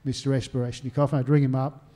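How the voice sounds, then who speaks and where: Australian male historian, mellow tone, chatty anecdotal interviewee who acts out his phone calls. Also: medium pitch, little pitch movement, quick pace. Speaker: historian and author. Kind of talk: conversational interview answers. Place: stage talk at a literary venue.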